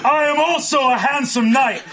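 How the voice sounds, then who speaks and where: A man doing a booming, boastful knight of light. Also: normal speed, background noise. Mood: proclaiming. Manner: booming proclamation. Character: towering male knight of light, grand and boastful.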